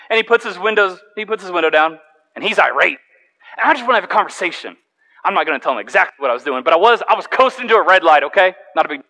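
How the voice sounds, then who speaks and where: Bright, high-voiced male pastor preaching. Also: quick pace, rough recording. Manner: animated storyteller, repeats words when he restarts. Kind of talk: sermon with a personal story. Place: church stage.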